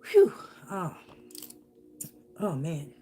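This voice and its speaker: A woman's voice: on the low side, huge pitch swings, drawn-out words, mellow. A woman giving a channeled spiritual reading while eating on camera, casual, profane and blunt. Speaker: spiritual reader.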